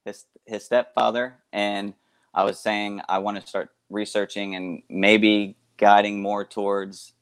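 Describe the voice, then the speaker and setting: A man co-hosting a casual podcast, rambling and halting, with frequent restarts. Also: fairly low pitch, flat delivery, clear, resonant tone. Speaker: guest co-host. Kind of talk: casual chat.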